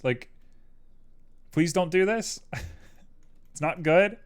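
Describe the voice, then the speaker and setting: A man's voice: a little high, slow pace, long pauses. Rambling young man streaming, keyboard clicks. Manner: rambling, tangential, animated. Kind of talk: casual live-stream chat while 3D modeling. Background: keyboard clicks and typing.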